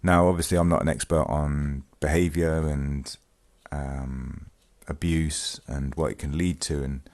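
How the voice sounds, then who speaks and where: A true-crime case gets talked through on this man's own vlog, in an extremely low, slightly mellow voice that is a bit slow and fairly even in intonation. He's casual and hesitant, with many ums and restarts, and he reads news article excerpts aloud at times.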